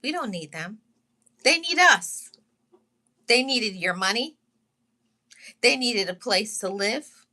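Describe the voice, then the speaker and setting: A woman sharing a painful personal testimony with her viewers, holding back tears, speaking heartfelt and repetitive with pauses and restarts. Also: medium pitch, lively intonation, bright, forceful tone. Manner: heartfelt, repetitive, pausing and restarting, greets live chat. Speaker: channel host sharing her story.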